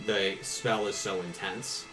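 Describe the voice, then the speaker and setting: A man's voice: deep voice, fairly even intonation, takes it slowly, music in the background, poor audio. A man narrating a tabletop game as game master, casual and descriptive, with restarts.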